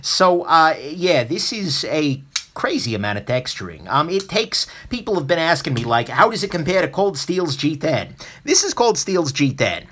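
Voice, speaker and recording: Lively, joking man hosting a knife livestream. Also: fairly high pitch, normal speed. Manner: lively, joking, with many fillers. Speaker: host. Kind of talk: live-stream knife review chat.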